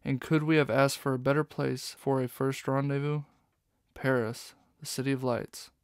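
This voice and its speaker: A man voicing a charming male raccoon master thief in a storybook, talking smoothly and teasingly. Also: mid-range voice, little pitch movement, moderate pace, no echo, studio quality, natural voice.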